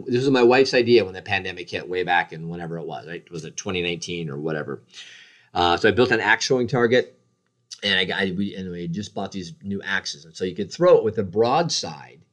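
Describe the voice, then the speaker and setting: A man in his forties with a fairly low voice tells a long story about his injuries in a relaxed, chatty way. He pokes fun at himself and slips into voices for his kids and wife. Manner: animated, acts out the voices of the people in his story; self-deprecating. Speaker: guest telling a story. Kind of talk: casual storytelling chat.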